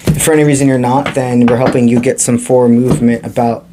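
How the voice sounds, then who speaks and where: A man giving a spiritual tarot reading to camera, talking in a calm, encouraging and mystical way with casual slang. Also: mid-range voice, fast, noisy background. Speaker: tarot reader.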